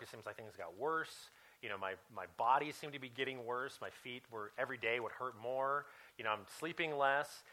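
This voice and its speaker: With a medium-pitched, sharp-toned voice captured on a rough recording, a pastor in his thirties preaches through a personal story. His delivery is conversational, full of fillers and restarts.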